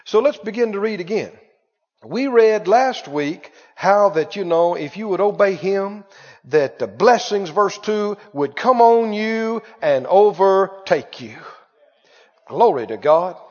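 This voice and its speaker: A man's voice: sits high, expressive, slow. A man preaching a sermon, emphatic and repetitive, calling on the congregation to respond. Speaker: pastor. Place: church hall. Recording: muffled, reverberant church recording.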